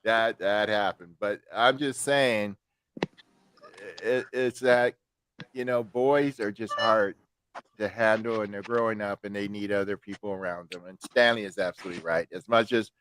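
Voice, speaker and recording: A man's voice: lowish voice, fairly even intonation, normal speed, a bit bright, a little hiss or hum. A man hosting a podcast, casually telling crude, joking family stories and acting out his mother's lines. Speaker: podcast host. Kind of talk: casual storytelling chat.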